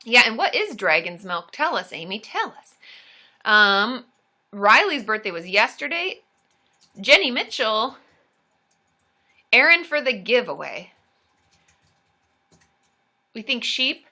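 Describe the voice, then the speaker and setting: Cheerful livestream host, woman, high and bouncy voice, chatty and excitable. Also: slow pace, pauses often. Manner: bubbly and excitable, cheering and giggling often. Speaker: therapist hosting a live stream. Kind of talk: casual livestream chat reading viewer comments.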